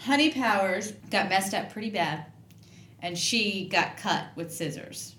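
A woman's voice: medium pitch, animated, a little slow, a bit bright, echoey room. A woman co-hosting a casual movie review chat, laughing often and acting out lines from the film. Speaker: podcast co-host.

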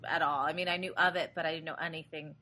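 A woman's voice: low voice, steady tone, fast, pushed and bright. A woman co-hosting a podcast, chatting casually about a movie, rambling and gushing and repeating her words. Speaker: podcast co-host. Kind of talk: casual chat reviewing a movie.

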